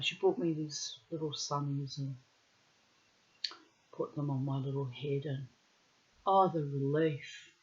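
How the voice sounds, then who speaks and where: A woman from New Zealand, speaking with its accent, tells a long personal story to her viewers. She is blunt and swears freely. Her voice is bright and forceful, and the home recording sounds dull and lo-fi. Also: sits low. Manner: blunt, profane, talks to the viewer. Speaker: vlogger.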